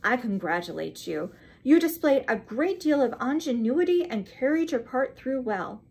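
A woman reading aloud and voicing a distinguished male lawyer who talks gravely and dryly, in a measured, questioning manner. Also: high voice, very animated, darkish tone, pitched above the performer's own voice, heavily acted.

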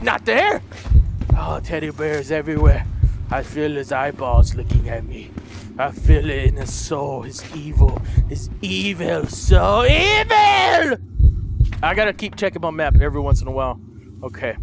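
A young man playing a horror game, talking to his viewers, swearing and yelling in panic at the monsters. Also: fairly high pitch, creaky, noisy background. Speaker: let's play gamer. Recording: loud game music behind. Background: game music.

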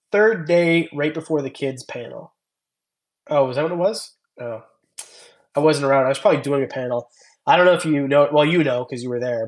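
A young man casually chatting on his stream, rambling and thanking viewers by name as he reads their comments. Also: medium pitch. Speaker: reptile channel host. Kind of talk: casual livestream chat reading comments.

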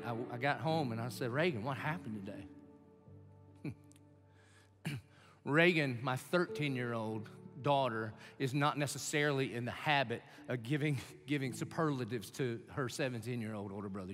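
A man's voice: mid-range voice, big-room sound. A pastor in his forties preaching a conversational, emotional sermon, telling a family story and building to passionate exhortation.

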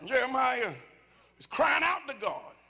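A man pastor preaching a sermon at a church service, impassioned and often shouting, with asides to the congregation. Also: very high-pitched, lively intonation, unhurried, vocal fry, a little hiss or hum. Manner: talks to congregation directly, conversational asides.

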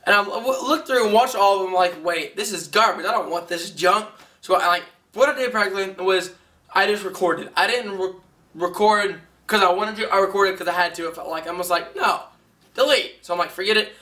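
A young man giving a rambling, excitable vlog update, heard through a camera mic a little way off. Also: high voice, fairly quick, distant mic. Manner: rambling, excitable, self-correcting. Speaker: vlogger.

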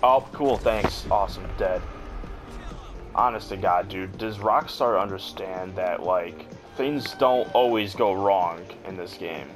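A man's voice: low voice, slow, poor audio. Crude, swearing young gamer guy. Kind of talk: casual gameplay commentary. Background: game music.

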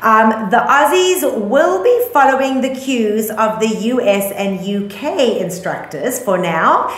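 A woman's voice: a little high, animated, slow, roomy sound. A woman with a South African accent co-hosting a casual news podcast, chatty and full of ums, laughing easily. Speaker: podcast co-host.

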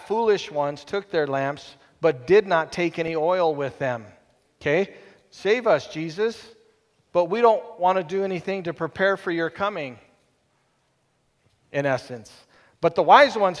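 A man preaching a sermon as pastor in a church, animated, dropping to a hush and then rising loud, with playful asides. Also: high-pitched, long reverb tail. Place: church sanctuary.

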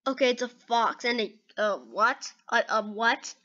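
A woman hosts a gaming video, reacting casually with excitable, chatty commentary and repeating "okay" and "dude" again and again. Her voice sits on the high side and moves a little slowly, and the recording has its highs cut off.

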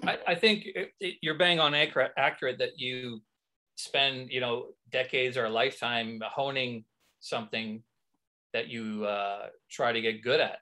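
A man from Canada, an actor and comedian, telling lively anecdotes as a guest in a casual interview. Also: medium pitch, normal speed.

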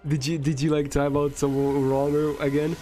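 A livestreamer chatting casually during a game stream, reading and answering chat, swearing freely and breaking into frantic yelling. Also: medium pitch, little pitch movement, normal speed, faint music behind. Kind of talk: casual live gameplay chat.

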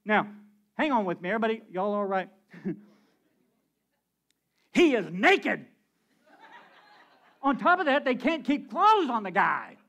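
A man with a notably high voice preaching to his congregation. He talks in a lively, animated way, asking the room questions and chuckling between points. He sounds like a pastor in the middle of a sermon. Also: measured pace, pauses often.

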